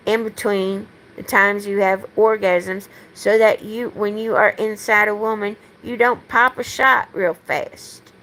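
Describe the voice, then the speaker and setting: Slow gravelly woman rambling. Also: mid-range voice, a bit bright, slight background noise, poor audio. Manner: slow and meandering, blunt, gravelly. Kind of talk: rambling monologue.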